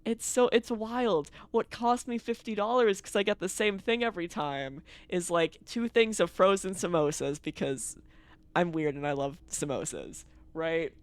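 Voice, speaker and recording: Smooth, dry-sounding streamer ranting and laughing. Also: medium pitch, normal speed, dry recording. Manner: laughs often, ranting, swears freely. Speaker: game streamer. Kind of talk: casual live-stream chat. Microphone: streaming mic.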